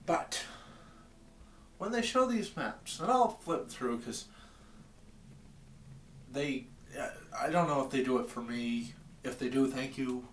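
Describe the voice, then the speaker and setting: A man's voice: mid-range voice, fairly bright tone, reverberant, far from the mic, a little hiss or hum. Wry rambling man ranting in a basement. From Maine. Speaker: vlogger. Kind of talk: comedic rant vlog. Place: home basement.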